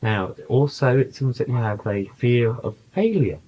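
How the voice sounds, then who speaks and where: A man in a channeling session, speaking in a calm, patient, coaching way and telling anecdotes to a small group. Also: medium pitch, unhurried, slightly rough, lo-fi sound. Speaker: channeler giving spiritual counsel. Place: small room with a group present.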